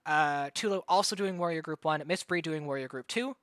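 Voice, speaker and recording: A man casting a live game tournament, hyper and excitable, rattling off play-by-play and getting out of breath. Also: a little high, a little fast, clear, resonant tone, dry recording, studio quality. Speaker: tournament caster and streamer. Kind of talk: live esports commentary.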